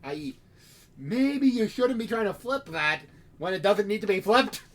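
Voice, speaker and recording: A man's voice: high-pitched, expressive, moderate pace, fairly bright tone. A man narrating as game master for a tabletop role-play game, casual and wry, with rambling asides.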